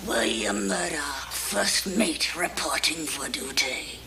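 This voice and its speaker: A woman acting in a campy TV drama as a psychic channeling a panicked male sailor, shouting shrilly. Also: sits low, takes it slowly, vocal fry, crowd noise, heavily acted. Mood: announcing.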